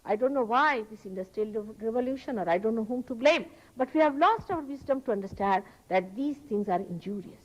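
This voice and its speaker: A woman giving a public spiritual talk, earnest and emphatic, often rising sharply in pitch. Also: lively intonation, brisk, hardly any pauses, highs cut off. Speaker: spiritual teacher. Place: public hall.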